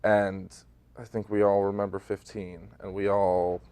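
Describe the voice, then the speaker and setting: A man with a fairly deep voice talks easily and thoughtfully about his stage role in a studio interview. The recording is dry and close-miked. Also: level tone, unhurried, dark tone, smooth, dry recording. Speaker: stage actor. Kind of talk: local TV interview.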